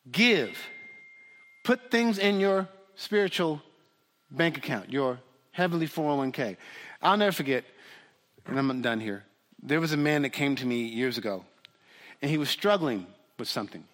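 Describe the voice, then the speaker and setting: A man preaching a sermon as a pastor, dramatic, swinging from loud pleading to hushed near-whispers. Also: mid-range voice, animated, normal speed. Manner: dramatic, shifts from shouting to hushed. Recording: long hall reverb.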